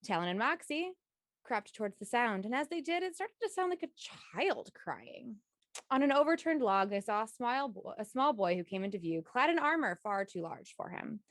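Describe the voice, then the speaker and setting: A woman's voice: on the high side, sing-song, moderate pace, no room sound, studio quality. A woman in a tabletop game stream reading an upbeat recap of the last session, now and then stumbling and correcting herself. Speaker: player giving the session recap.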